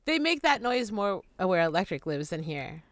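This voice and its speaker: A woman's voice: mid-range voice, very animated, moderate pace, no room sound. Chatty woman podcast host, dry mic. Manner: chatty, laughing, imitates crow calls. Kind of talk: casual chat.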